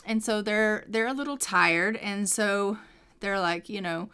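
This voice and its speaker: A young woman narrates her game casually, telling its story with plenty of fillers. Her voice is smooth and clear at a medium pitch. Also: unhurried, pushed and bright. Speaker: let's play narrator.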